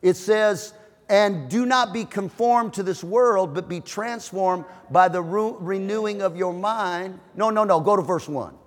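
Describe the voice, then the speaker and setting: A man preaching a sermon as pastor, emphatic and joking, with shouted peaks. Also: high voice, unhurried. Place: church auditorium. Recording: reverberant hall.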